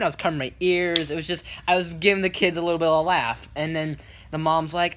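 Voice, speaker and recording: A man telling a casual story on his vlog, rambling with many restarts and fillers and bringing it to life by acting out what others said. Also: a little high. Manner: lively retelling with quick quoted voices. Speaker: vlogger.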